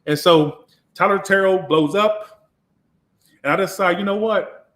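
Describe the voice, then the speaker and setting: Man, tarot reader, slightly high voice, candid casual storytelling. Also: measured pace, a bit bright. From Georgia, US. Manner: candid, profane, reflective.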